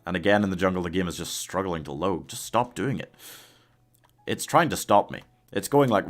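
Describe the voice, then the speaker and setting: Deep-voiced man streaming, coughing. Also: normal speed, soft background music. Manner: chatty, laughs often, reads out viewer messages. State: coughing, ill. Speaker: live streamer. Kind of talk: casual live gaming stream chat.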